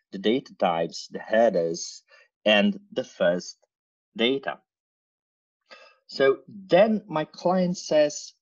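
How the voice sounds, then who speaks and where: A man's voice: lowish voice, muffled recording. A man giving a technical talk over a screen share, casual and full of fillers and playful asides. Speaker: conference speaker.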